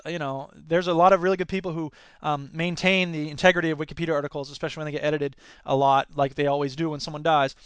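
A man's voice: high voice, a bit bright, smooth, no room sound. A man hosting a solo podcast, rambling and self-mocking in a casual chat. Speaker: podcast host.

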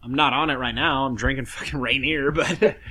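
A man's voice: mid-range voice, steady tone, fairly quick, pushed and bright. A young man co-hosting a podcast, chatting casually and crudely, swearing and laughing often as he rambles. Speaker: podcast co-host.

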